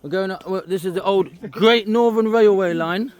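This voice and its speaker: The recording has its highs cut off, carrying a man's high-sitting voice at normal speed. He's a walking vlogger outdoors on an old railway trail, casually pointing out sights to the camera.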